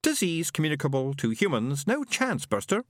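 A man voicing a pompous, booming male robot servant who talks in a fussy, formal, pedantic way. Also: big pitch swings, normal speed, dry recording, studio quality. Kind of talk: audiobook character reading.

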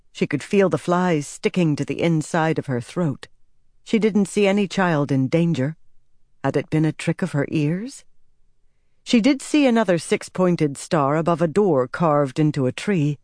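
A low-pitched woman delivers scripted audiobook narration, measured and expressive. It's a dry, studio-quality recording.

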